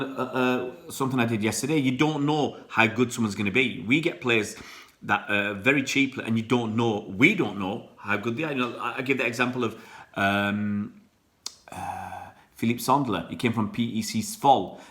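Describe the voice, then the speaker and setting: A man's voice: mid-range voice, fairly bright tone. A man hosting a live football stream, greeting viewers and chatting loosely with many fillers and restarts. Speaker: football channel host. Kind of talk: live stream chat reading comments.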